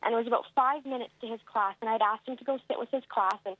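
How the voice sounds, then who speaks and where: Woman caller from Canada, somewhat high voice, dry phone-line sound, earnest. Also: fast talker, no room sound. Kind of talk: phone-in question.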